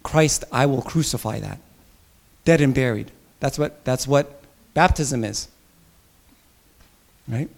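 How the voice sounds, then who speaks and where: A male pastor preaching a sermon with emphasis, rising to loud, high bursts and dropping to soft asides. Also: takes it slowly, creaky, long pauses.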